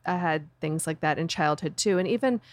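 A reflective woman chats as a guest on a relaxed book club podcast, her voice lower than most. She thinks aloud, hesitating and filling gaps with "like" and "um". The recording is close and dry. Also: a little fast, no room sound. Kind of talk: casual book club chat.

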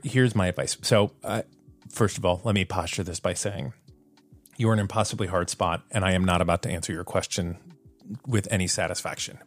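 A man hosting a solo podcast in a casual, self-deprecating way, laughing at himself and using plenty of fillers. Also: fairly low pitch. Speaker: podcast host.

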